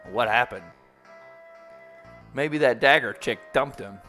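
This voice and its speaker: A man's voice: medium pitch, takes it slowly, sharp tone. Chatty man streaming a game. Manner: chatty, joking, reads game lines aloud in voices. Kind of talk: playthrough with voiced dialogue. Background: game music.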